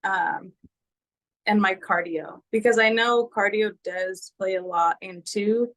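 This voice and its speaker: Woman guest chatting on a call, mid pitch, rambly and friendly storytelling. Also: fairly even intonation, takes it slowly, a bit bright, low-quality recording. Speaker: guest, fitness group member. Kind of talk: casual conversation.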